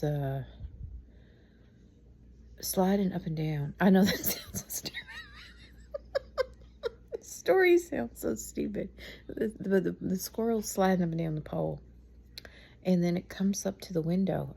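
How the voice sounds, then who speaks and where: Her voice is low, gravelly, and mellow with a breathy edge as this weary middle-aged woman talks quietly at night. In a relaxed vlog, she shares a meandering, chatty story about her son and chuckles along the way.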